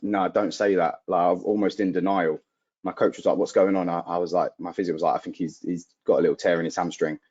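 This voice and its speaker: Low-voiced young man recounting a story. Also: darkish tone. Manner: vivid retelling, acting out quoted dialogue, frequent "like" fillers. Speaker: athlete guest. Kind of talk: personal storytelling in an interview. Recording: dull lo-fi audio.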